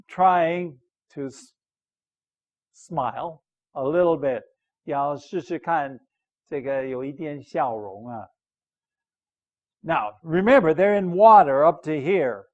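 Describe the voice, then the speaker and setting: An older American man teaches English at a very slow, deliberate pace. He reads a story line by line, repeating phrases and checking that his listeners understand. His fairly high voice comes through dull, lo-fi audio. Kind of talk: slow explanatory lesson, reading a story aloud.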